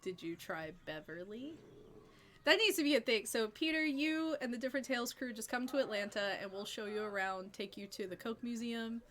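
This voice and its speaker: A woman streamer reading a story game aloud and chatting with viewers in a lively way, laughing between passages. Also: a little high, moderate pace, slight background noise.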